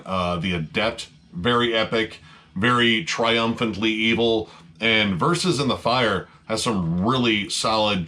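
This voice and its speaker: A man's voice: on the low side, bright, forceful tone. A man casually reviewing metal records, talking loosely with lots of fillers and cheerful swearing. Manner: laid-back, filler-heavy, swears freely, enthusiastic.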